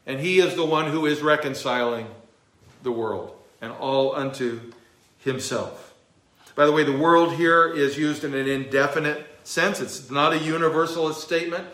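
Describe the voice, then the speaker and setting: A man's voice: a little high, moderate pace, fairly bright tone, echoey room. A male pastor teaching a verse-by-verse sermon, emphatic, with a few fillers. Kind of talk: expository sermon.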